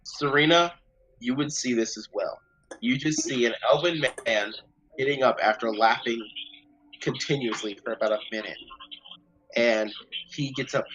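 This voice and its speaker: A man acting as game master, narrating a tabletop game in a casual, swearing style with quick asides. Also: medium pitch, fairly bright tone, slight background noise, poor audio.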